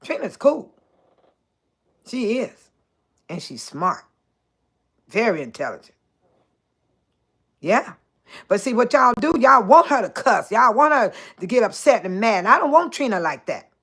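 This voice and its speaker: Chatty older woman host, higher voice. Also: unhurried, pauses often, breathy edge. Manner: chatty, animated, laughs often, addresses viewers by name. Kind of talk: casual live-stream chat with viewers.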